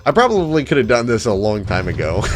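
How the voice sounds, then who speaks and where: Casual swearing man playing a game. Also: mid-range voice. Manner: casual, profane, self-mocking. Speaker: let's play host. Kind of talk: game playthrough commentary and reading aloud.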